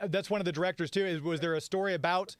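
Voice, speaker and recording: High-voiced male host, dry close sound. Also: steady tone, no room sound. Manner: encouraging, with quick agreeing interjections. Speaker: radio show host. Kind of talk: casual interview chat.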